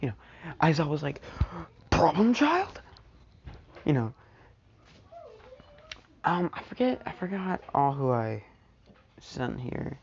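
Woman, very low voice with a lively swing, casual rambling storyteller at home, muffled recording with light noise. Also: measured pace, gravelly, long pauses. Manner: rambling, full of "you know" and "anyway". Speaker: storyteller vlogger. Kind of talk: casual fan-story narration. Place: at home with family around.

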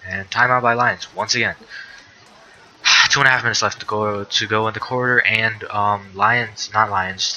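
Young male streamer, sharp bright tone, low-ish voice, excitable play-by-play full of cursing and groans, dull lo-fi mic. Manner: excitable, swearing, exasperated outbursts. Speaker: sim league streamer. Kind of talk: live game commentary. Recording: dull lo-fi mic with faint noise.

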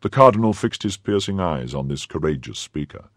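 Deep, husky male audiobook narrator. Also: very animated, fairly quick, no echo, clean studio sound. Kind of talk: scripted narration.

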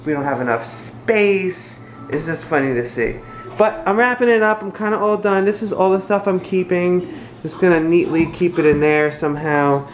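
A man's voice: high-pitched, normal speed, a little hiss or hum, poor audio. A young man chatting casually to viewers in a rambling home vlog. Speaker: family vlogger.

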